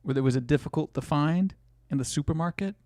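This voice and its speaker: A man's voice: fairly high pitch, quick pace, a little mellow, no echo, studio quality. A man streaming live, reacting to videos with crude, joking commentary and reading chat aloud.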